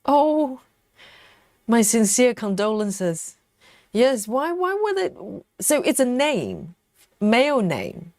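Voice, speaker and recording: A woman hosts a relaxed craft livestream, reading out viewers' comments and answering them. Her voice moves lively up and down, but she talks slowly with plenty of pauses and small laughs. The sound is close and dry, with no room around it. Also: fairly high pitch, no echo. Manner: laughs often, chatty, repeats words while thinking. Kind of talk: casual chat reading live comments.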